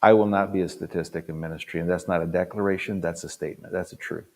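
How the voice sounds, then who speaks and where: An older man with a very low, deep voice gives an earnest motivational talk as a pastor. He drives points home by repeating phrases, jumping from loud bursts down to near-quiet asides. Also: steady tone, quick pace. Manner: swings between loud punches and quiet drops. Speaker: pastor and conference speaker.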